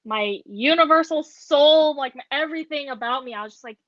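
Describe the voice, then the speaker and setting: Casting: young woman, higher voice, chatty rambling storyteller, dull dry lo-fi recording. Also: fairly quick, fairly bright tone, no room sound. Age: young adult. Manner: rambling storytelling, heavy on filler words. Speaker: podcast co-host. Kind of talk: casual chat.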